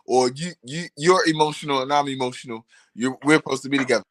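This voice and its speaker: A man's voice: mid-range voice, fast talker, a bit bright, slight background noise. A man speaking as a podcast guest, casual and reflective, working through his thoughts aloud. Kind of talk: casual chat.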